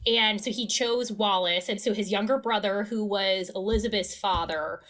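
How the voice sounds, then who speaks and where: A woman co-hosting a podcast, recapping a TV episode in a chatty, animated way with lots of fillers. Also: medium pitch, normal speed. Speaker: podcast co-host. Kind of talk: casual recap chat.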